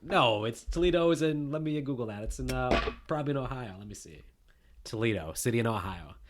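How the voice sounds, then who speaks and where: A man's voice: medium pitch, animated, brisk, noisy background. A man co-hosting a casual movie review chat, rambling and correcting himself as he goes. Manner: rambling, self-correcting, teasing. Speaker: podcast co-host.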